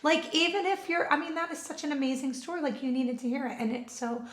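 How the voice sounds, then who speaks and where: Woman, podcast co-host, earnest and affirming, somewhat high voice, roomy echo. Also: fast, fairly bright tone. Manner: earnest, affirming, faith-minded. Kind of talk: casual chat. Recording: echoey room.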